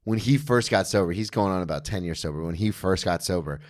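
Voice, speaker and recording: Low-voiced laid-back podcast host. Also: male voice, fast. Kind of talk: casual podcast chat.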